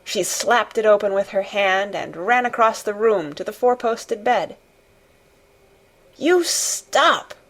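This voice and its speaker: A woman reading a classic novel aloud as an expressive audiobook narrator. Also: mid-range voice, normal speed, few pauses. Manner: expressive storytelling. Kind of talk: scripted narration.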